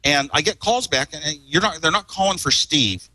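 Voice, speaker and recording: A man's voice: a little high, animated, moderate pace, bright, forceful tone, rough recording. A man, a guest on a talk show, telling stories casually in a rambling way, chuckling and repeating words as he goes. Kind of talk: casual storytelling.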